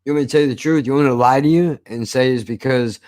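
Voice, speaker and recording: A man recounting a TV show in a casual, profane, animated rant. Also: medium pitch, quick pace. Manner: swears constantly, animated storytelling. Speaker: show reviewer.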